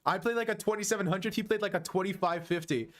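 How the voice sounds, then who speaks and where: Streaming chess analysis, this twenty-one-year-old man from the United States talks fast in a high, slightly bright voice with an American accent. He keeps it casual, ribbing viewers playfully and laughing a lot.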